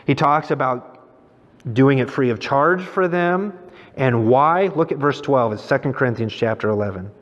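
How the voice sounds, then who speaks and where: A man's voice: medium pitch, normal speed. A middle-aged man preaching a sermon in a conversational way, mixing scripture with personal stories. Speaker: pastor. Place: church sanctuary. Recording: dull sound with long church reverb.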